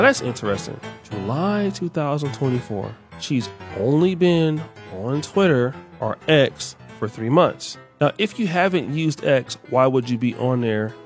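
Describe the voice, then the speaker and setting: Male commentator, casual and lively, mid-range voice. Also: medium pitch. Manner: animated, reads out posts, begs for sound effects. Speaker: online commentator.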